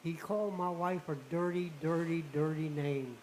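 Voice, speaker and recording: An older man, a returning radio guest, telling a personal story in a folksy, animated way and acting out the dialogue. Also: a little high, moderate pace, slight background noise, rough recording.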